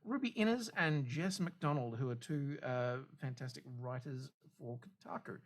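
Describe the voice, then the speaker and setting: A man's voice: medium pitch, normal speed. A man co-hosting a podcast in casual chat, rambling and hesitant with dry humor. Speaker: podcast co-host.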